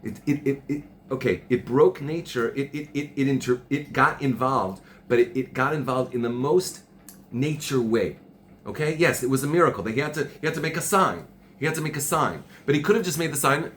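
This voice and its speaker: A man's voice: mid-range voice, animated, fairly quick, fairly bright tone. A middle-aged man hosting a casual chat, talking passionately, raising his voice and repeating himself. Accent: Jewish Orthodox Hebrew and Yiddish terms. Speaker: podcast host. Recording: faint background noise.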